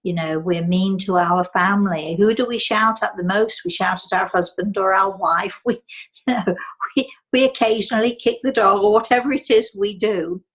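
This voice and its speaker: An older woman from England, a psychic medium telling a story in a soft, slow way that dips into near whispers. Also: mid-range voice, poor audio.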